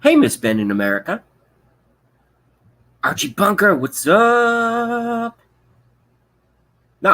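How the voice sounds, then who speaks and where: A man's voice: mid-range voice, bright, forceful tone, low-quality recording. A man hosting a livestream, delivering an angry, profane political rant with contempt. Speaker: livestream host.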